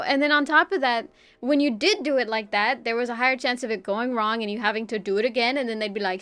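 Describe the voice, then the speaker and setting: A young woman speaks into a streaming mic in a dry, close sound, her voice sitting a little high. She chats casually with her audience and tells a personal story in an animated way. She swears freely and laughs between her phrases. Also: fairly quick, no echo.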